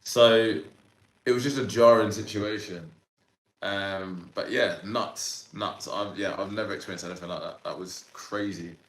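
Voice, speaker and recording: A man in his thirties, a podcast guest, telling a story in an animated, slangy way with lots of fillers. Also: low voice, unhurried, reverberant, rough recording. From Sudan, raised in Ireland. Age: 30s. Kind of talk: casual storytelling interview.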